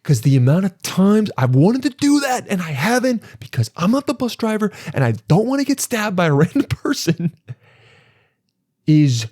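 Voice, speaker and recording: A young man hosting a podcast, telling a comic story in a rambling, exasperated way and jumping into animated voices. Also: high-pitched, moderate pace, no echo, studio quality. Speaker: podcast host. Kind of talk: comedic storytelling monologue.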